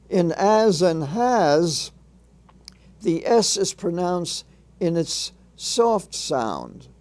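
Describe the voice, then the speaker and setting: A man narrating a phonics lesson in a measured instructional way, sounding out letters and sounds one by one. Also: fairly high pitch. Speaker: reading teacher.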